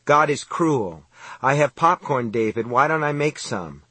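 Bitter imaginary reverend, slow and dry, husky tone, read by a man. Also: medium pitch, animated, bright, forceful tone, dry recording, pitched above the performer's own voice. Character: imagined male reverend, bitter and strangely chatty.

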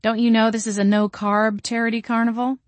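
A woman's voice: fairly high pitch, little pitch movement, fairly quick, no echo, pitched above the performer's own voice, lightly acted. A woman voicing a cheerful, giggly young woman helper in a storybook reading. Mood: playful. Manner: giggling, playful.

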